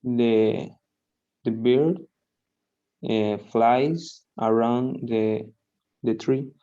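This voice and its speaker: A man student answering his teacher over a video call, halting and hesitant. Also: mid-range voice, mellow, dull audio. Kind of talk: answering in class.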